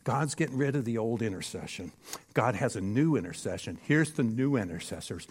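Male preacher, lively sermon delivery, punchy rhetorical check-ins with a live congregation. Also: medium pitch, brisk, breathy edge. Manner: animated and emphatic, with frequent rhetorical "Hello?" checks. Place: church stage before a live audience.

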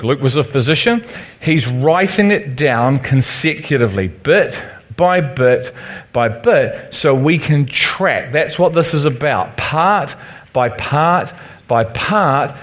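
Liverpudlian man preaching to his congregation. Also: on the high side. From Liverpool, England. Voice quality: conversational, asks the room for agreement. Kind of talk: sermon teaching.

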